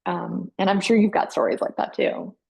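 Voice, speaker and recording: A woman's voice: mid-range voice, fairly even intonation, normal speed, vocal fry, a little mellow, breathy edge. A woman co-hosting a podcast in casual chat, candid and swearing freely as she tells stories with acted-out dialogue. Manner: storytelling, acts out quoted dialogue. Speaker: podcast co-host.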